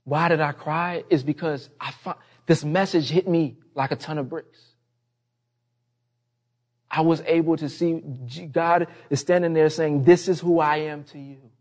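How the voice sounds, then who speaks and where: A man's voice: fairly even intonation, unhurried. A man preaching a sermon, telling a personal story in a conversational way and building to an impassioned appeal. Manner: impassioned, rising in pitch and volume toward the end. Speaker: pastor.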